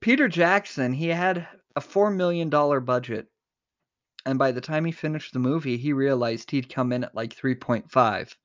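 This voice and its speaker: A man's voice: mid-range voice, normal speed, highs cut off. A man co-hosting a casual movie podcast, retelling scenes in detail and laughing often. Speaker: podcast co-host.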